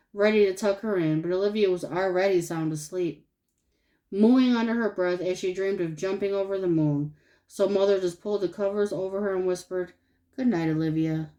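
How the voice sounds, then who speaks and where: A woman narrating a children's storybook aloud. Her voice sits at an average pitch, and her reading is expressive and animated. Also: low-quality recording. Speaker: storybook reader.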